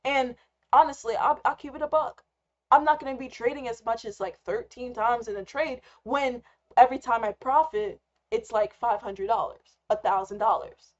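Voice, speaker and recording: A young woman talks through an unscripted live rant, candid and rambling, swearing freely. Her voice sits a little high. The recording is somewhat dull and lo-fi. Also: steady tone, moderate pace. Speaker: trader and vlogger. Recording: slightly muffled lo-fi recording.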